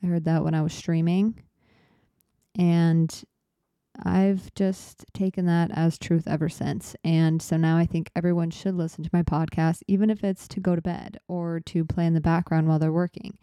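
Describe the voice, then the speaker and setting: A woman's voice: on the low side, little pitch movement, normal speed, mellow, clean tone, dry recording, studio quality. A young woman in her twenties hosting a laid-back solo podcast, chatty and self-deprecating, a little out of breath as she rambles. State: slightly out of breath. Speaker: podcast host.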